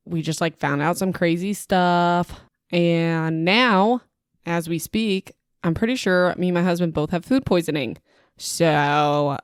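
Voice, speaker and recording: Woman, podcast host, casual solo chat, rambling, self-deprecating, lowish voice, dry home mic. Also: smooth, dry recording. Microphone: home podcast microphone.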